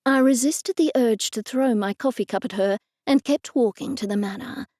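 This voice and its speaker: A woman narrating a cozy mystery audiobook in the first person, measured and even. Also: on the high side, no echo, clean studio sound.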